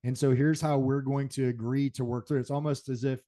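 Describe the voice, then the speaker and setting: A man's voice: medium pitch, level tone, fairly quick, warm tone. Guy hosting a panel, nods along, sums up what guests say. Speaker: host. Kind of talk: panel discussion.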